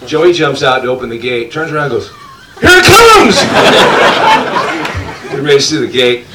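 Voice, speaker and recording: A man spins a funny story in casual talk, laughing and putting on bursts of quoted voices. He sounds far from the mic in an echoey space, with loud noise behind him. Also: medium pitch, steady tone, fast talker, over a noisy crowd.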